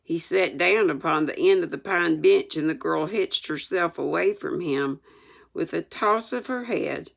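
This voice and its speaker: A woman's voice: deep voice, a little slow, vocal fry. An older woman reading a classic novel aloud, adding homespun, chatty asides. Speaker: storyteller.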